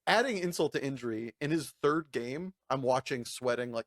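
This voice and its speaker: A man speaks at a normal speed with few pauses, recounting a long story as a podcast co-host in casual conversation. Animated and profane, he laughs and imitates people in high voices. The recording is dry and clean, with studio sound.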